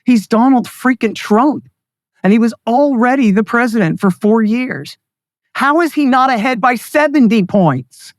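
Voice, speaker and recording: A man's voice: very high voice, animated, a little slow, no echo, studio quality. A man speaking as a guest in a political interview, ranting with sarcasm and scorn. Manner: mocks others in put-on voices. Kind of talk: heated political interview talk.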